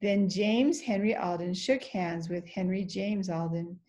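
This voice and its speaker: A woman reading a children's chapter book aloud in a steady, clear storytelling manner. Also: lowish voice, measured pace. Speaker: reader.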